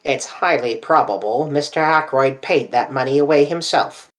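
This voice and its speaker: A reader voicing a brisk, matter-of-fact male police inspector. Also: mid-range voice, natural voice, rough recording. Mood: businesslike.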